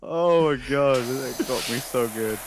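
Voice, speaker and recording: Relaxed joking co-streamer, mid-pitched man. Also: takes it slowly. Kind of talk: casual gaming chat. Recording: hissy stream audio, spray noise.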